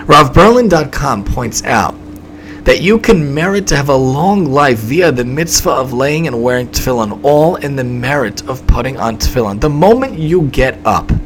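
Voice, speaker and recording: A man's voice: mid-range voice, expressive, moderate pace, a little hiss or hum, poor audio. A man preaching a story-driven sermon, emphatic and repetitive, with dramatic swings in delivery.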